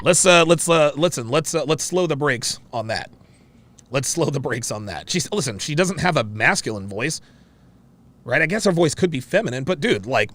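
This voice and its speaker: A man hosting a reaction show, commenting on a clip in an excitable way and often repeating himself. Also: mid-range voice, moderate pace, no room sound. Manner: excitable, interrupts and repeats phrases.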